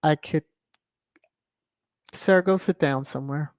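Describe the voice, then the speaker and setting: Low-pitched and darkish, this American woman's voice moves slowly, with no echo. As the host of a casual livestream, she reads viewer comments aloud in a chatty, opinionated manner, over dull lo-fi home stream audio.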